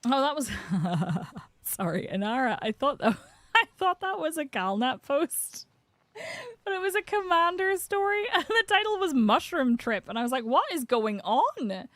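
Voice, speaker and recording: A woman's voice: high-pitched, sing-song, moderate pace, a bit bright, no room sound. A woman live-streaming a video game, chatting casually and reading out chat messages with frequent laughs. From United Kingdom. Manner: chatty, giggly, reads chat aloud.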